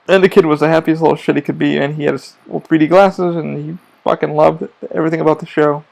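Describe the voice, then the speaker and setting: A young man hosting his own podcast, rambling through work stories in an emphatic, profane way. His voice is gravelly and sits a little high. He talks casually, piling clause on clause as he tells a story. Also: steady tone, quick pace, darkish tone, rough recording. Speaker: podcast host.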